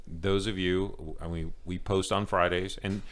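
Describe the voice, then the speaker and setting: Podcast co-host, male, very low voice, loose rambling talk. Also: flat delivery, normal speed. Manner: loose, rambling, lots of restarts. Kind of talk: casual chat.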